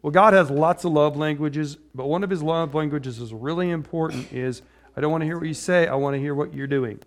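This pastor, a middle-aged man, talks briskly in a slightly high voice. His sermon feels relaxed and chatty, wandering off into stories from his own life, with frequent "right?" check-ins.

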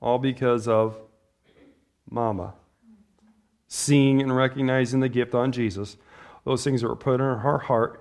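A man's voice: medium pitch, steady tone, measured pace, pauses often, a little mellow. A man preaching a conversational sermon, putting questions to his listeners and laughing as he goes. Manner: conversational, asks the audience questions and laughs often.

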